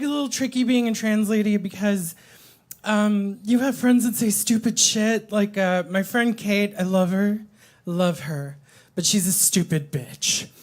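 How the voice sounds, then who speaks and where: A woman doing a stand-up comedy set at a coffee shop open mic, crude and rambling, with lots of "um" and "like". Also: mid-range voice.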